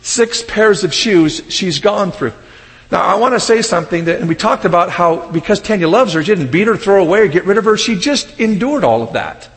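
Man, pastor, sermon, high voice, lively storytelling, reverberant hall. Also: fast, hardly any pauses. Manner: animated storytelling, shouting in character. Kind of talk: sermon with humorous stories.

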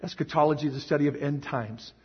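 Man, pastor, high husky voice, emphatic and emotional; echoey hall, dull recording. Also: steady tone, quick pace. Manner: emotional, emphatic, swings to shouting. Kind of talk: sermon.

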